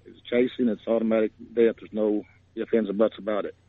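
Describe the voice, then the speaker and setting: A man calling into a radio show, speaking hesitantly and haltingly, upset. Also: lowish voice, flat delivery, no room sound. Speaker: caller. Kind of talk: phone-in caller. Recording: tinny phone line.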